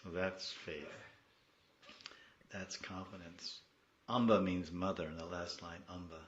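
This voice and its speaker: A man giving a devotional class, moving between soft storytelling and loud, pleading prayers. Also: sits low, fairly even intonation, measured pace, echoey room, muffled recording, slight background noise.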